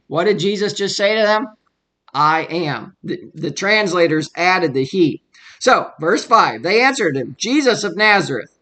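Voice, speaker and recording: Man Bible teacher, high bright voice, casual verse-by-verse teaching, slows for readings. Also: animated. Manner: conversational, with frequent fillers and asides; reads scripture slowly and deliberately.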